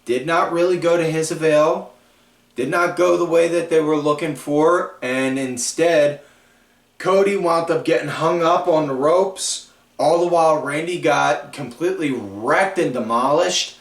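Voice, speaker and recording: A man hosting a wrestling podcast, recapping shows in a rambling, casual way full of fillers. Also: fairly high pitch. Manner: slow, drawn-out, rambling delivery with frequent fillers. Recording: echoey room, far from the mic.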